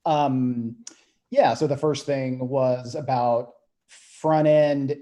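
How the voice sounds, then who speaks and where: A man, a software developer, explaining code structure in a meeting in a soft voice that often trails off. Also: medium pitch, steady tone, very slow. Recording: dull lo-fi call audio.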